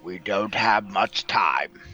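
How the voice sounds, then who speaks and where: A man voicing a captured barbarian father who speaks low and earnestly to his family. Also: takes it slowly, sharp tone, faint music behind, full character voice. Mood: urgent. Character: grave captive barbarian father, middle-aged man.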